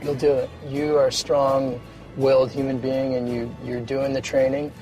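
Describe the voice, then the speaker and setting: Man, polar guide, relaxed encouraging talk, outdoors on a beach, light music underneath. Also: mid-range voice. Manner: relaxed, encouraging, halting with restarts. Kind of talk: casual coaching on location.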